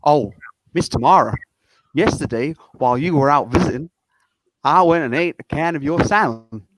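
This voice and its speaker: A man's voice: on the high side, moderate pace, noisy background, close to an everyday voice. A man reading a film scene with a put-on Southern US accent, voicing a humble, polite male employee. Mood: deferential. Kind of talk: reading a film scene over a video call.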